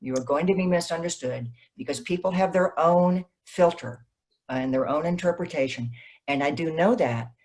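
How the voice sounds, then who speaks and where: A woman novelist, a guest in an interview, telling stories in a lively way and acting out what people said. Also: sits low, moderate pace. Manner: animated, acts out quoted dialogue. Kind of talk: conversational interview, storytelling.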